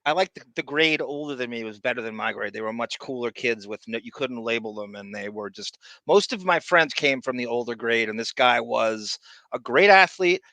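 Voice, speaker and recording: A man's voice: medium pitch, animated, moderate pace, bright, forceful tone, dry recording. A man hosting a podcast, rambling crudely and greeting viewers in chat. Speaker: podcast host.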